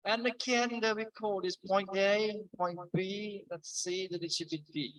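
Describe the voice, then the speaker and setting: A middle-aged male lecturer with a slightly high voice, keen and bright in tone. He talks a university class through the material in a loose, chatty way, dropping joking asides between points. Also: steady tone, a little slow, rough recording.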